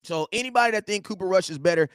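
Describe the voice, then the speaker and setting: A man with a high voice hosts a fan reaction stream. He rants in loud, slangy bursts and keeps raising his voice to hammer his points. The sound is close and dry, with no room behind it. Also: very fast, clear, resonant tone, dry recording. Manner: animated ranting, slangy, often shouting. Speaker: sports fan show host. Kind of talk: heated fan reaction livestream.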